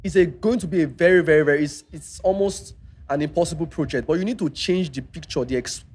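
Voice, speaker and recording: A Nigerian man in casual podcast chat, talking deliberately and repeating words for stress. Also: fairly high pitch, a little mellow, husky. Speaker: podcast co-host.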